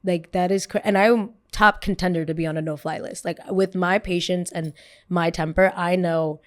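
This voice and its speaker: A woman hosting a podcast and telling a story in a casual, chatty way. Her voice sits a little low. She talks fast and keeps the story moving with lots of "like" and quick asides. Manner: animated, fast, full of "like". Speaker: podcast host.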